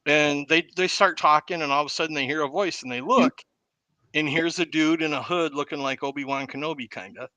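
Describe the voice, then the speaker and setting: A man with a bright, forceful voice retells a film plot in a casual way. He is a lively, animated storyteller, and his voice sits a little above most men's. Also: fairly high pitch, fairly quick, dry recording, dull audio. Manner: animated storyteller who acts out the quotes. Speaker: podcast host.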